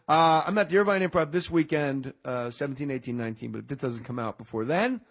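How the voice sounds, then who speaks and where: A man's voice: a little high, fast. A male comedian guest on a podcast, joking and rambling in casual banter, often mocking himself.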